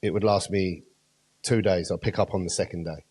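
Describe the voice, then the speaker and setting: A man hosts a podcast in casual chat. His voice sits very low and sounds husky. He speaks earnestly and with emphasis, dwelling on his points. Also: fairly even intonation, a little fast, darkish tone. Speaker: podcast host.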